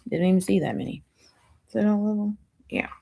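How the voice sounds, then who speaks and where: A woman doing a chatty, rambling tarot reading, her voice going hoarse. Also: mid-range voice, a little fast, mellow. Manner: chatty, rambling, self-interrupting. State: losing her voice. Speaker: tarot reader.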